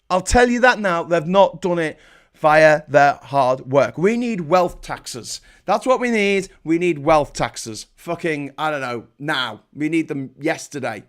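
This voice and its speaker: A man in his forties delivers an angry, expletive-heavy political rant on his live stream. His voice sits a little high for a man and keeps climbing as his temper rises. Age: 40s. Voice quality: profane, heated. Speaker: livestream host.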